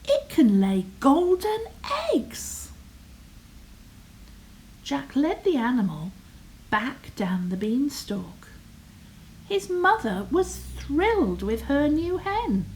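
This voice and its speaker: An older woman reads a bedtime story aloud at a very unhurried pace. Her voice is soft, often dropping to a half-whisper, and she lingers on words. Her pitch sits in an ordinary middle range. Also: slight background noise, poor audio.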